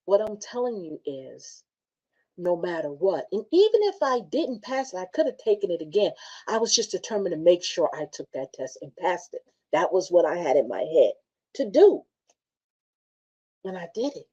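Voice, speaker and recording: A woman with a lowish, mellow voice hosts a motivational talk, mixing book readings with casual personal stories. She speaks in an animated, conversational way and laughs often. The recording sounds dull and lo-fi. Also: normal speed, slightly rough. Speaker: motivational show host.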